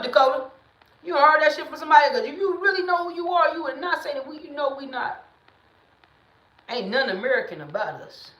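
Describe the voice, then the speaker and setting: Blunt, emphatic woman in an echoey room. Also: on the high side. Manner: blunt and emphatic, swings into loud preaching bursts. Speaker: livestream host. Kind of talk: casual livestream talk.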